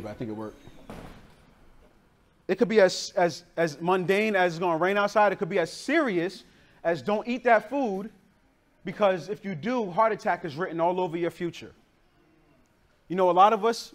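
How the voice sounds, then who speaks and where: With a high-pitched voice, this pastor delivers a sermon built around a childhood memory. He tells it casually and with lots of slang and animation, and his roots are in the northern United States.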